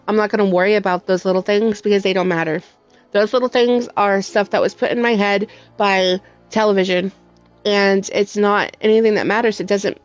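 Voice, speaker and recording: Heartfelt rambling woman gamer. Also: medium pitch. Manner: emotional, heartfelt, rambling with many fillers. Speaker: gaming streamer. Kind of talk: casual chat while playing. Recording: faint music in background.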